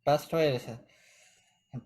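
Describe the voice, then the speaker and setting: A man's voice: on the high side, a little mellow. A man doing a hesitant Southern-drawling woman. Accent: Southern US drawl, slipped into. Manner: hesitant, halting. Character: flustered young woman, scheming a trap.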